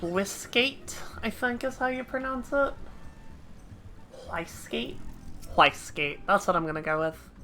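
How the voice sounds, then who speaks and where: A woman's voice: on the high side, lively intonation, quick pace, fairly bright tone, soft background music. A woman streamer chatting playfully and self-deprecatingly while she plays a story game. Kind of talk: casual gameplay commentary.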